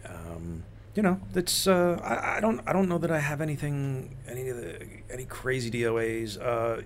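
A man's voice: medium pitch, expressive, moderate pace, slight background noise. A man and former police officer in casual conversation, hesitant with lots of fillers.

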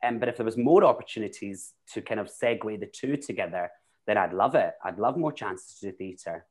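A man's voice: on the low side, fairly quick, darkish tone, slightly rough. A Scottish man, a drag performer and actor, talking casually and rambling through stories with many restarts. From Scotland. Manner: chatty, rambling, with frequent restarts. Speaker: guest, drag queen and actor. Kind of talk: casual chat.

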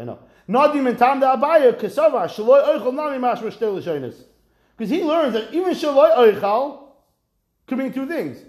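A man giving a lively Talmud class, switching between English and Aramaic, quoting the text in a sing-song way. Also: sits high. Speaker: Talmud teacher. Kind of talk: animated Talmud class lecture. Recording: echoey room.

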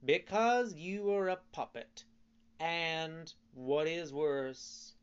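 A man voicing a hundred-year-old talking cricket in a storybook reading, lecturing calmly and solemnly. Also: on the high side, very slow, smooth, dull audio, voice pushed up. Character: ancient talking cricket, calm and preachy.

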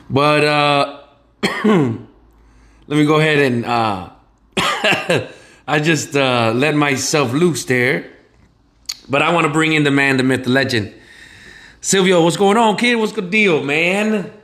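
A man's voice: on the high side, lively intonation, slow, long pauses, fairly bright tone. A man co-hosting a casual podcast, joking loosely and rambling with lots of fillers. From Chicago area, USA. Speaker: podcast co-host. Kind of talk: casual chat.

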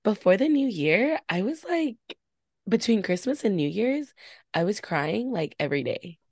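A woman's voice: mid-range voice, sing-song, moderate pace, a little mellow, breathy edge, no echo, clean studio sound. A woman co-hosting a casual podcast, talking openly and swearing with lots of "like". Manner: chatty, confessional, swearing, full of "like". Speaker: podcast co-host. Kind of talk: casual chat.

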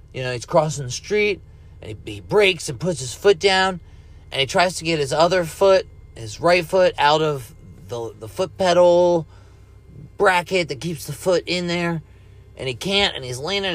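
A man rambling casually while high, laid-back and profane, coughing now and then and breaking into ranting bursts. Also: lively intonation, measured pace. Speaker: cannabis vlogger. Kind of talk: casual stoned rambling monologue.

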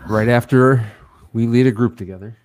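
A man co-hosting a podcast, telling a rambling, excited story in casual chat with some self-mockery. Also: medium pitch, normal speed. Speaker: podcast co-host.

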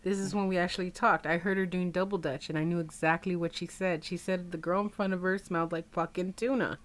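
A woman in casual chat, telling a lively story and laughing often. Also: lowish voice, brisk, slight background noise.

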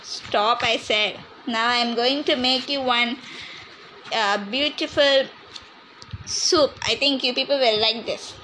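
Brief: woman voicing a high-pitched, bickering grandmother in a comedy cooking skit. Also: slow, sharp tone, a little hiss or hum, low-quality recording. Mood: scolding. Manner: scolding, bossy, bickering. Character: bossy scolding grandmother, cooking show.

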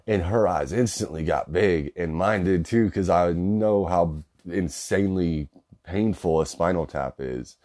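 A man's voice: deep voice, unhurried, mellow. A young man in his twenties telling a personal story casually, rambling with lots of fillers and swearing. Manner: rambling, profane, filler-heavy.

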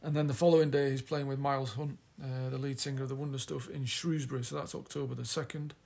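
A man's voice: mid-range voice, level tone, quick pace, gravelly, a little mellow. A man with a Yorkshire accent co-hosting a podcast, chatting casually in a rambling, teasing way. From Yorkshire, England. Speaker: podcast co-host. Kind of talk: casual chat.

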